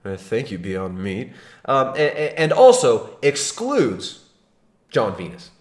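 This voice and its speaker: A man's voice: medium pitch, wildly swooping pitch, takes it slowly, a little mellow, echoey room. Sarcastic man reacting animatedly. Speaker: livestream host. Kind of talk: mocking reaction commentary.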